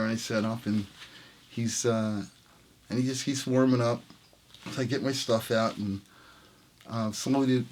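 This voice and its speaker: A jazz trumpet player telling a story in an interview, laughing often and acting out the lines of the people in it. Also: male voice, mid-range voice. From New York City. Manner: laughing, reenacts quotes with voices.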